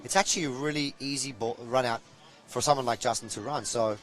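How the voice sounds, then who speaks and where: A man's voice: medium pitch, fairly quick, poor audio. Chatty pool commentator man. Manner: chatty, jokey, excitable. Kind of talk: live match commentary.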